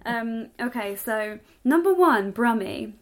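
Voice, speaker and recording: A woman from England co-hosting a podcast with a fairly high voice. She talks in an easygoing, thoughtful way, in casual chat. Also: expressive, takes it slowly. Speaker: podcast co-host.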